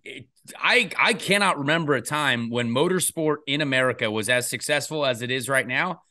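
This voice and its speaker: A man's voice: medium pitch, normal speed, sharp tone. A young man hosting a podcast, chatting loosely and filling his talk with "like.". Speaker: podcast host, race driver. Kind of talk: casual podcast chat.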